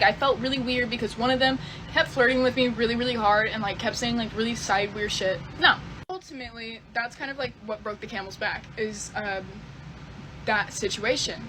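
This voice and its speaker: A woman's voice: on the high side, background noise. Profane young woman telling a story. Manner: profane, rambling, fillers like "type beat". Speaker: storyteller in a clip. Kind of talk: casual storytime confession.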